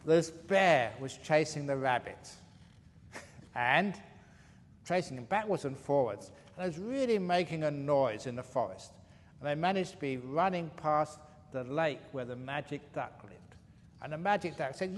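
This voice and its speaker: A man's voice: on the high side, expressive, moderate pace. A man, a meditation teacher, telling jokes in a playful way during a retreat question-and-answer session and chuckling at his own jokes. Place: retreat hall. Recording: faint hall reverb, light room noise.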